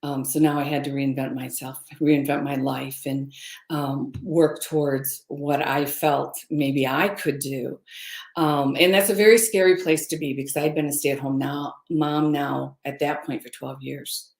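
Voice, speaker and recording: A woman's voice: extremely low pitch, fairly even intonation, measured pace, gravelly, roomy sound. A middle-aged woman candidly telling a personal story as a webinar guest, with hesitant fillers. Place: room, recorded for a webinar.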